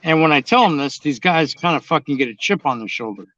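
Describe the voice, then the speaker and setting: Casting note: a blunt man who swears freely, voice on the higher side, dull lo-fi recording. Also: expressive, quick pace, a bit bright, no echo. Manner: blunt, swears constantly, drawling storyteller. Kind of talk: casual profane chat. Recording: dull, dry lo-fi sound.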